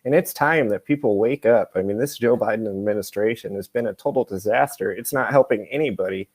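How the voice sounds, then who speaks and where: A man co-hosting a political talk show, speaking conversationally with frequent pauses. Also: fairly low pitch, no room sound. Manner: conversational, with fillers. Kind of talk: political commentary.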